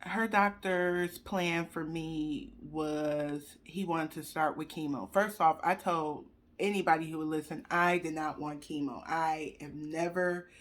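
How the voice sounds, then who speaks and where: A woman's voice: low voice, fairly even intonation, unhurried, few pauses. Woman tearfully recounting a cancer diagnosis. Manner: chatty, addresses viewers directly; fighting back tears. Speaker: vlogger sharing a personal story. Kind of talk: emotional personal testimony. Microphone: computer webcam.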